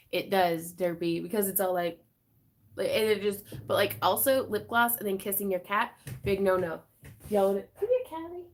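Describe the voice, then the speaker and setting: A woman hosting a live craft stream, chatting in a bubbly, giggly way with her viewers and her cat. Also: mid-range voice. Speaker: craft channel host.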